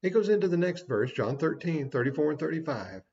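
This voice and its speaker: A man's voice: a little high, big pitch swings, a little fast, creaky, darkish tone. Folksy preacher man, muffled recording. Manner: folksy, conversational, with small asides. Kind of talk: short devotional sermon.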